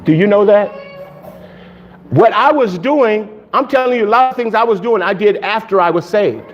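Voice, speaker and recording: A male pastor preaching a sermon in an animated way, laughing often and shouting for emphasis. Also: high voice, normal speed, muffled recording.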